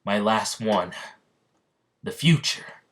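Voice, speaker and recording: A man voicing a hot-headed young male knight who talks in a halting, stumbling way. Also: lowish voice, animated, fairly bright tone. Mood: determined.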